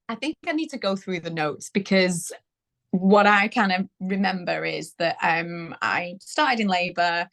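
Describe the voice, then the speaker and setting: A woman's voice: lowish voice, a bit bright. A woman in her thirties, guest on a parenting interview, chatting casually and laughing often as she retells events. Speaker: guest sharing birth story. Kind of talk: casual conversational storytelling.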